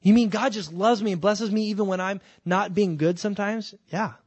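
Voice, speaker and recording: Pastor, man, fairly high voice, lively sermon delivery with acted-out quotes, dry close mic. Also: a little fast, husky, dry recording. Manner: animated preaching, acting out quoted voices.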